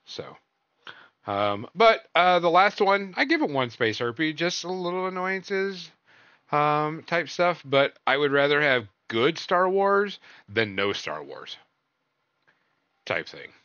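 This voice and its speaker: A man's voice: fairly high pitch, sing-song, takes it slowly, pushed and bright, clean tone, no echo, dull audio. A man hosting a casual podcast, reviewing shows and films in a rambling way, full of fillers and trailing off. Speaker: podcast host.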